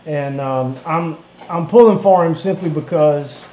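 A man's voice: fairly high pitch, measured pace, dark tone. Chatty man, roomy echo. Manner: chatty, storytelling, laughs easily. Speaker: co-host of a farm channel. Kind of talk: casual chat. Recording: roomy echo with faint noise.

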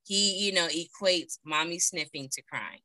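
A woman in her thirties talks as an interview guest over a video call, telling her own story. Her voice sits low but has a bright, forceful edge. She speaks in an earnest, heartfelt way with plenty of fillers, and the sound is dry and close. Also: moderate pace, dry recording, poor audio. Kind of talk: personal story in a remote interview.

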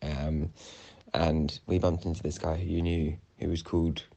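A man's voice: very deep voice, little pitch movement, moderate pace, creaky, dark tone. A young man, casually retelling a dream, rambling with many fillers and restarts. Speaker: podcast co-host.

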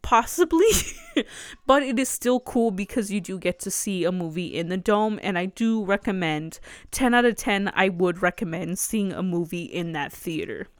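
A woman's voice: on the low side, normal speed, dry recording, clean studio sound. A young woman vlogger telling a rambling, chatty story full of fillers and restarts. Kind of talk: casual storytelling vlog.

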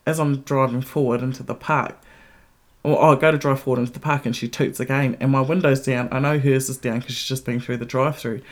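A woman hosting a podcast who tells a story in a casual monologue, blunt, candid and full of swearing, and grows more animated as she goes. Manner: blunt, heavily profane, candid; animated retelling with rising pitch. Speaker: podcast host.

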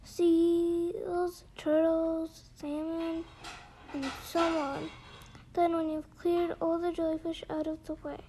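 A woman's voice: very high voice, level tone, takes it slowly, a little hiss or hum. Mock Turtle, a weepy sea creature, read by a woman. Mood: sorrowful. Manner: mournful, sighing, sometimes hushed. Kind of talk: storybook read-aloud.

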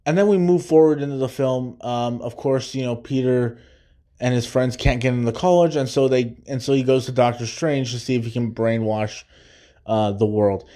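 A man's voice: medium pitch, moderate pace, mellow. Eager man rambling through a film recap. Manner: enthusiastic and rambling, laughs along and hums movie themes. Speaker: podcast host. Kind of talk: casual spoiler-filled film breakdown.

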